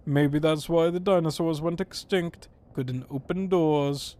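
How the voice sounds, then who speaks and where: A man's voice: fairly high pitch, unhurried, a little mellow. A man live-streaming a video game, reading its text aloud with playful, goofy commentary. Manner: playful and goofy, laughs and swears.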